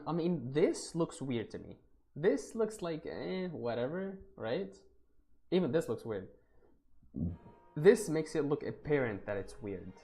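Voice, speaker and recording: A man's voice: a little high, dark tone. Chatty young man streaming while drawing. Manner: chatty, laughs often, thinks aloud while working; reads and answers live chat. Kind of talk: casual livestream chat. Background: faint background music.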